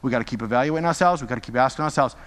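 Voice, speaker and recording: A man's voice: medium pitch, rapid-fire, a bit bright, long reverb tail. A male pastor preaching a sermon with impassioned, repetitive exhortations.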